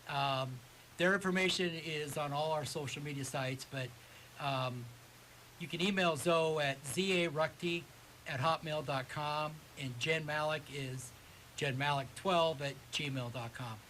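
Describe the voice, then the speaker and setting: A man's voice: fairly high pitch, measured pace, fairly bright tone, slight background noise, poor audio. A man who volunteers with a local baseball association, telling stories enthusiastically as a radio guest. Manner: enthusiastic storyteller. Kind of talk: casual radio chat.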